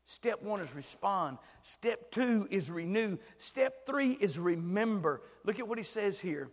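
An older man preaching a sermon with passion, swinging from hushed words to shouts. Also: sits high, animated, measured pace, big-room sound.

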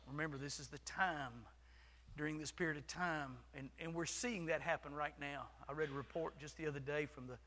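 High bright-voiced man preaching in a hall. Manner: swings from shouting to hushed whispers. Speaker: pastor. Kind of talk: sermon. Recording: long hall reverb.

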